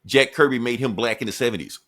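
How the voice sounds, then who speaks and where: A man's voice: medium pitch, quick pace, bright, forceful tone. A man co-hosting a podcast, loosely recapping a comic book issue in a profane, joking way with frequent laughs. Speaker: podcast co-host.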